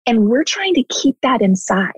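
Earnest woman therapist, raspy and breathy, dry muffled lo-fi sound. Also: on the high side, very animated, normal speed, dry recording. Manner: earnest, emphatic, repeats heartfelt words. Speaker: therapist guest. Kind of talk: casual conversation.

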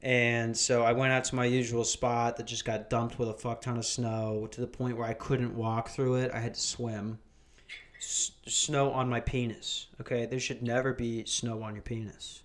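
A man's voice: medium pitch, level tone, moderate pace. A young man from Minnesota in casual podcast chat, rambling and swearing, laughing as he tells stories. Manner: rambling, profane, laughs through his stories.

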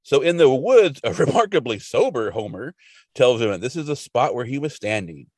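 A man's voice: mid-range voice, moderate pace, breathy edge, no room sound. A man co-hosting a podcast, retelling an episode casually and acting out the quotes. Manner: animated storytelling, acting out quotes. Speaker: podcast co-host.

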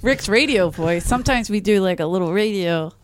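A podcast co-host chatting casually, reacting quickly and asking curious questions. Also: mid-range voice, expressive.

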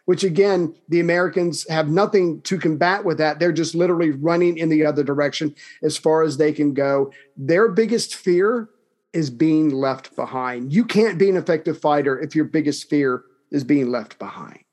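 A man's voice: a little high, normal speed, a little mellow. A man co-hosting a casual history podcast, joking and rambling in a playful way. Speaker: podcast co-host.

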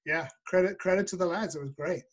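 A man guest on a football podcast call, thoughtful and measured, with many ums. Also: sits high, rough recording. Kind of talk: casual football podcast chat.

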